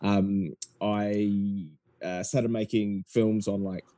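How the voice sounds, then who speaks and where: A man's voice: on the low side, slow pace, no room sound. A man in his thirties with a New Zealand accent, a filmmaker guest talking casually with hesitant fillers. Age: 30s. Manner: relaxed, hesitant with many fillers. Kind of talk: casual podcast chat.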